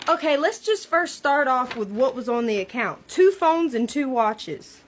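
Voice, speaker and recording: Female vlogger, high pitch, unhurried, incredulous. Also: animated, slight background noise. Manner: incredulous, reading slowly. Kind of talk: casual vlog reading a bill aloud.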